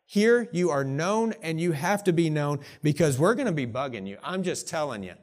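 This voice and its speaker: A man preaching a sermon from the pulpit with a slightly higher-than-usual voice. He moves between soft, hushed passages and emphatic, rising declarations, earnest throughout. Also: lively intonation, normal speed. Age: young adult or middle-aged, parent of young children. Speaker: pastor.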